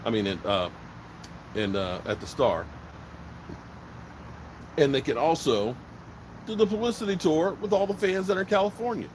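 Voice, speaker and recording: A man's voice: a little high, moderate pace, pauses often, slight background noise, low-quality recording. A man from Virginia hosting a casual live stream, talking bluntly and rambling, swearing freely. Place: outdoors by a smoker fire.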